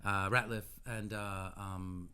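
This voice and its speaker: A man in his fifties tells loose, rambling stories as a guest on a radio interview. His voice sits on the low side. He often stops and restarts his sentences before the story carries on. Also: fairly even intonation, takes it slowly, bright, forceful tone, smooth. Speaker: guest musician.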